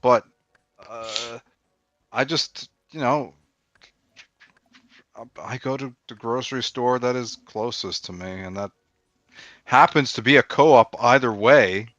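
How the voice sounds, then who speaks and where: A man's voice: medium pitch, takes it slowly, long pauses, a bit bright, dry recording, dull audio. A man chatting casually on a stream, blunt and profane, with dry humor. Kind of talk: casual chat.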